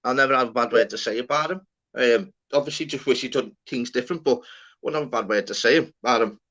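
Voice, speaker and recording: A man's voice: mid-range voice, fast, fairly bright tone. A Scouse man from Liverpool, around his forties, telling blunt, sweary stories in casual panel banter. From Liverpool, England. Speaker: panel guest. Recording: lo-fi sound.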